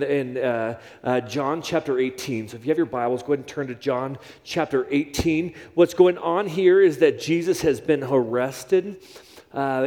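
A man's voice: a little high, mellow. A man preaching a sermon in a church, repeating his phrases for emphasis. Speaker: pastor. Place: church sanctuary. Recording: long reverb of a large hall.

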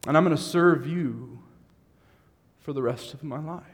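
A man's voice: a little high, a little slow. Impassioned male pastor in a reverberant hall. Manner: builds from conversational to impassioned shouting. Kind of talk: sermon.

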